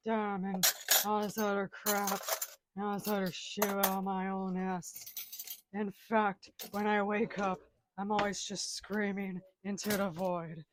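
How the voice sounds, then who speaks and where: A woman's voice: mid-range voice, flat delivery, measured pace, very noisy. A woman rambling crudely to herself while doing chores at home, groaning and cursing constantly. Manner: melodramatic wailing outbursts. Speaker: comedic vlogger. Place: home kitchen.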